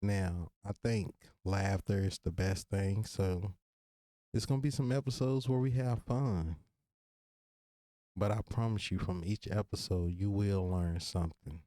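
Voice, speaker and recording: A man in his thirties from Virginia with a Virginia accent and casual slang, hosting a solo podcast and talking straight to his listeners in an earnest, relaxed way. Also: low-pitched, a little slow, dry recording, studio quality. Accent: Virginia, Southern US. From Virginia, USA. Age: 30s. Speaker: podcast host.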